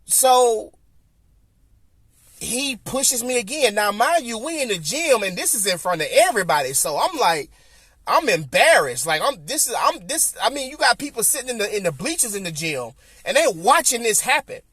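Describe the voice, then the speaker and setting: A man with a Southern US accent tells a story on his podcast in a high, animated voice. He repeats himself and acts out what people said. The sound is close and completely dry. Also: moderate pace, slightly rough, dry recording. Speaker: podcast host. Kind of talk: casual storytelling.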